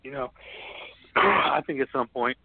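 A man chats as a podcast guest, telling lively stories with plenty of laughs and casual swearing. His voice comes through a thin, phone-like line that sounds dry and close, with no room echo. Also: mid-range voice, takes it slowly. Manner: animated, laughing storyteller who swears freely. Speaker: podcast guest, snake keeper. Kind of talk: casual storytelling chat.

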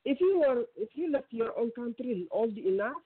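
Halting Ethiopian woman on the phone. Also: a little high, animated, husky, no echo. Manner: halting, many restarts and fillers. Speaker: guest caller. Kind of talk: radio call-in interview. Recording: tinny phone line.

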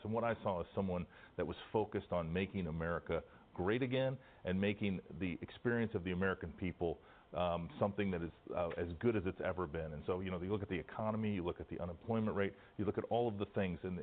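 A man answers an interviewer in a low voice, talking quickly and often restarting his sentences. The clip sounds thin and narrow, like a phone line. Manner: measured, restarts phrases. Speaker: interview guest, former official. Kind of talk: broadcast news interview.

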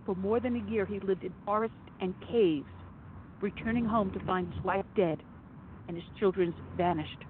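A woman's voice: medium pitch, moderate pace. A woman hosting a conservative talk radio show, delivering an impassioned, emphatic monologue with sarcastic asides. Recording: phone-like narrow audio with faint noise.

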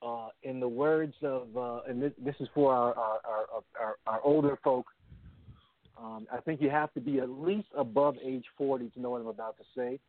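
Man, mid pitch, earnest co-host, phone-line sound, dry. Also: normal speed, no echo. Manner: earnest, explanatory, repeats phrases. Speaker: podcast co-host. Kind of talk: casual radio show talk. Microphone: phone line, not his headset.

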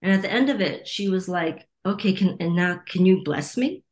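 A woman's voice: lowish voice, expressive, moderate pace, a little mellow. A middle-aged woman from the United States, a Reiki teacher, telling stories in an interview and acting out the voices of people she quotes. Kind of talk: storytelling interview.

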